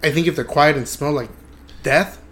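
A man hosting a podcast in casual chat, an animated storyteller who acts out the voices. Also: on the high side, moderate pace, a little hiss or hum. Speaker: podcast host.

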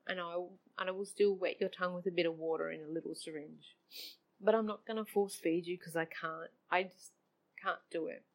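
A middle-aged woman with a mid-range voice vlogs a personal, reflective monologue. She is emotional and open-hearted, laughing often.

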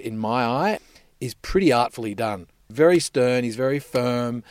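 Low-voiced man chatting. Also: darkish tone, no room sound. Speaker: podcast guest, voice-over artist. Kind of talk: casual panel chat.

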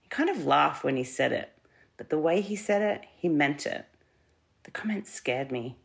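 A woman voicing a frightened woman giving a statement to police, in a plain, measured telling. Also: deep voice, lively intonation, vocal fry. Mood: fearful. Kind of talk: reading a witness statement.

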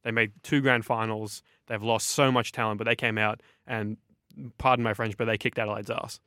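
An Australian man hosts a sports podcast, breaking down games with eager, confident opinions in long runs. His voice sits a little low for a man. It is recorded close and dry, with no room echo. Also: level tone, normal speed, sharp tone. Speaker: sports journalist and podcast host. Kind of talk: casual sports podcast analysis.

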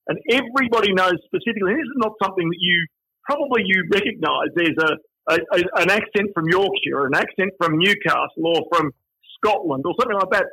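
A man's voice: sits high, sharp tone, husky, no room sound, rough recording. A middle-aged man with a broad Australian accent, a guest telling stories in a conversational interview. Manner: anecdotal, chatty storyteller. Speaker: guest, finance and media figure.

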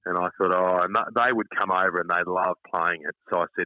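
A middle-aged man with an Australian accent, telling casual stories as an interview guest, animated and calling the listener mate. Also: low-pitched, fast talker, dry recording. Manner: chatty, animated anecdotes, calls listener mate. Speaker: radio host, interview guest. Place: outdoors at front of his house. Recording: dull lo-fi dry line.

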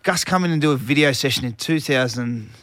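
An Australian man in his forties, a former rugby league player, telling animated stories in a casual podcast chat. He acts out shouting coaches and laughs often. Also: mid-range voice, a little fast, no room sound.

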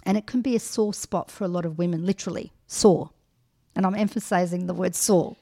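A woman's voice: on the low side, fairly even intonation, fast talker, dark tone. Frank middle-aged woman, podcast co-host. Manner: frank, many ums and restarts. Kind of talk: casual advice chat.

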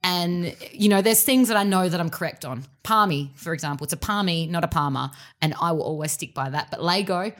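Animated South Australian woman. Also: on the low side, brisk, few pauses. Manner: animated storyteller, laughs often. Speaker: podcast co-host. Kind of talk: casual chat.

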